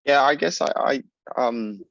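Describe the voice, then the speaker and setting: A man's voice: mid-range voice, a little slow, creaky, a bit bright, dry recording, lo-fi sound. An Australian man, a student on a panel, speaking in a reflective, self-deprecating way. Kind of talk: panel discussion.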